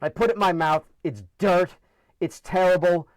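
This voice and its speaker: Fifties man from the Bronx, high lively comic storyteller, dry sound. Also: normal speed, no echo, rough recording. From the Bronx, New York. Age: 50s. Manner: animated, self-mocking. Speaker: podcast guest.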